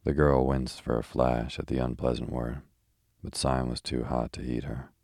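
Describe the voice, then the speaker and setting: A man narrates a bedtime reading in a rhythmic, even manner. His voice is extremely low and monotone, with a gravelly edge, recorded dry and close. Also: moderate pace, dry recording. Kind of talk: sleep story reading.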